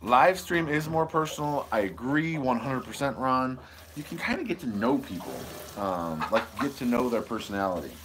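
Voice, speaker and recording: A man's voice: mid-range voice, animated, moderate pace, fairly bright tone, slight background noise. A man from Michigan hosting a casual live stream, rambling goofily as he answers viewer comments outdoors on his homestead. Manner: goofy, rambling, reads viewer comments aloud. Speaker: homesteading channel host. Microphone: wireless lapel mic.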